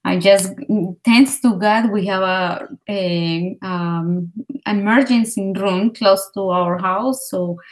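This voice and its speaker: A woman from Colombia, a native Spanish speaker with a Colombian accent, telling an animated story full of fillers during casual conversation practice. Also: mid-range voice, slow pace, rough recording. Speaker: language learner.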